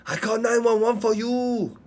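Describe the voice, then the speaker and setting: A man playing a confused foreign character who speaks broken English slowly in a game role-play. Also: very high voice, flat delivery, a little mellow. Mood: puzzled. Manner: broken English, slow and puzzled.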